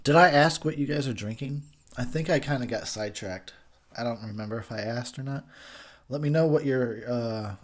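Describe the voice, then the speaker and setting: A man's voice: medium pitch, moderate pace. A tipsy man doing a drunken movie commentary, profane and rambling, cracking himself up. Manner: profane, rambling, laughing a lot. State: tipsy from drinking. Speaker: commentary host.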